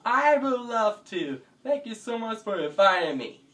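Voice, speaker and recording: Heroic storybook girl, firm and kind, played by a man; slow delivery, distant noisy recording. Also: high voice, big pitch swings, fairly bright tone, exaggerated voice. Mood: grateful. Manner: stern, warning. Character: brave superhero girl, stern and kind. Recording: distant mic with background noise.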